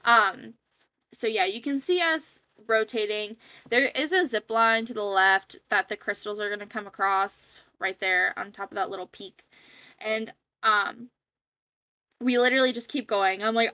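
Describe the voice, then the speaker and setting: A woman's voice: medium pitch, moderate pace, bright, forceful tone, no room sound. A young woman casually rambling as she comments over her own gameplay footage, chatty and self-deprecating. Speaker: gaming YouTuber.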